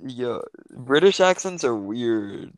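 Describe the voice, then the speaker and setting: A man's voice: medium pitch, expressive, takes it slowly, no room sound. A young man, a student, co-hosting a podcast in laid-back joking chat. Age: young adult. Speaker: podcast co-host. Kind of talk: casual chat.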